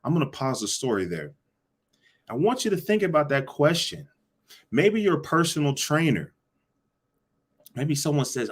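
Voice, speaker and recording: A man teaching a live online sales session, energetic and repetitive, asking the audience to answer back. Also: on the high side, moderate pace, long pauses, breathy edge. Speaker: sales coach.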